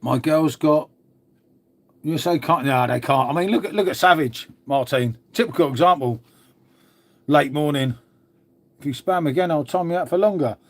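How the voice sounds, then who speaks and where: A middle-aged Englishman hosts a live stream and reads out comments as he goes. He talks bluntly and matily and swears freely. His voice sits a little higher than most men's. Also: moderate pace, long pauses. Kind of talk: casual live chat reading comments.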